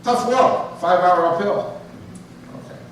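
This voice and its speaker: A man's voice: high-pitched, slow pace, a little hiss or hum. A man from the United States with a New York accent, speaking as a guest at a church in a chatty storytelling style with joking asides. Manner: conversational, jokey asides, quotes others in dialogue. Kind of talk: church talk with storytelling and jokes. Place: church sanctuary. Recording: roomy echo, distant mic.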